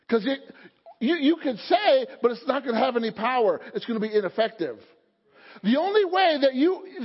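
Male pastor, very high pitch, call-and-response sermon, dull lo-fi sound with lingering church echo. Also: husky. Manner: call-and-response preaching, rising to fervent emphasis. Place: church sanctuary. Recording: dull sound, long hall reverb.

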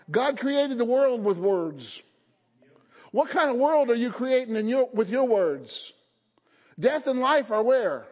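Male pastor, very high pitch, call-and-response sermon, dull lo-fi sound with lingering church echo. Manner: call-and-response preaching, rising to fervent emphasis. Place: church sanctuary. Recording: dull sound, long hall reverb.

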